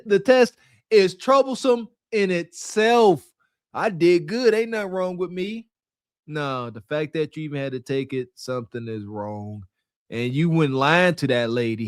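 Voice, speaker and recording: A man co-hosting a podcast, mocking what he watches in loose slang. His voice runs fairly high and sounds close and dry. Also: a bit bright, no room sound. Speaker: podcast co-host. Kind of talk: casual reaction commentary.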